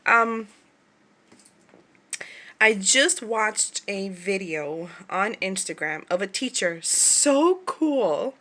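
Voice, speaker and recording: A woman's voice: medium pitch, animated, very slow, pushed and bright. Chatty, laughing woman vlogger. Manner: chatty, laughs often, imitates other people's voices. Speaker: craft shop owner vlogger. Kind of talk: casual chat to camera.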